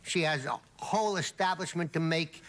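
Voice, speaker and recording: A man, a comedian guest on a talk show, telling jokes in a lively storytelling manner. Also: fairly high pitch, normal speed. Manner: animated storyteller doing voices. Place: TV studio with live audience. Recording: 1980s TV broadcast, audience noise.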